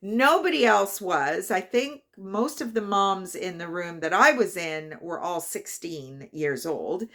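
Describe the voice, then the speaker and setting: A woman's voice: on the low side, expressive, slow, hardly any pauses, a bit bright. A woman in her fifties, talking casually to her vlog viewers. She tells a personal story with feeling and many fillers. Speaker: vlogger.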